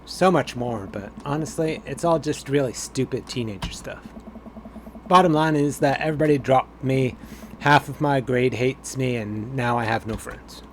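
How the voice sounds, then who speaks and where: A man's voice: medium pitch, moderate pace, background noise, natural voice. A man reading out the lines of a hurt teenage girl confiding in her dad, in his own plain voice. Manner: read aloud flatly from game text. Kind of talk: reading game dialogue aloud.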